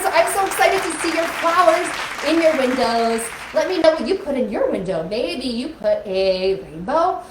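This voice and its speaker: Speaking in a high register over background noise, a young woman runs a live-streamed music lesson for kids. She's upbeat and coaxing, using motions to get the children involved, and faint music sounds in the echoey room.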